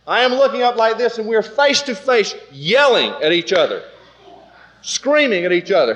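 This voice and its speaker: A man tells a testimony in sermon style, animated and acting out the voices of other people. His voice is fairly high and bright. The delivery has a forceful edge. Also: normal speed, a little hiss or hum. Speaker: preacher telling a testimony. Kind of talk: storytelling sermon.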